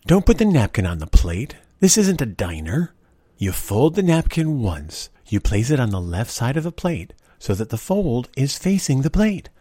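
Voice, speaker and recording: A man's voice: mid-range voice, sing-song, normal speed, dark tone, husky, no echo, clean studio sound, pitched above the performer's own voice. A man voicing his strict, fussy mother as she corrects how the table is set. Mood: prim.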